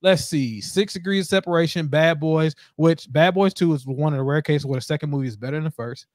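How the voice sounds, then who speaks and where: A man hosting a podcast, ranting in casual chat, animated and heavy with profanity. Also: on the high side, a little fast, no room sound, clean studio sound. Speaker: podcast host.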